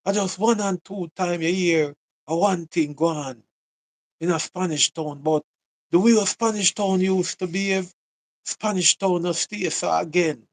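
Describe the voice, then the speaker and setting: A man's voice: sits high, unhurried. A man with a Jamaican accent giving a casual, repetitive commentary monologue, full of rhetorical questions.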